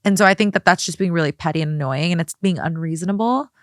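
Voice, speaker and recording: A woman's voice: lowish voice, fast talker, no room sound, clean studio sound. A young adult woman co-hosting a podcast, chatty and opinionated in casual talk. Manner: opinionated, chatty, lots of fillers. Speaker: guest co-host. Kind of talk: casual chat.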